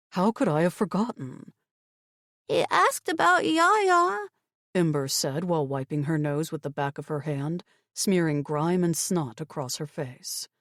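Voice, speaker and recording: A woman giving measured, expressive first-person narration of a fantasy audiobook. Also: low-pitched, no room sound, studio quality.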